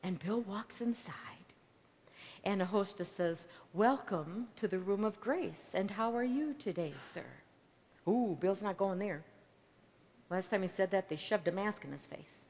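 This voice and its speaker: Slow, dramatic woman preaching in a hall. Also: mid-range voice. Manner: dramatic, swings from loud declaration to hushed whisper. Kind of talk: sermon storytelling. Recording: long reverb of a large hall.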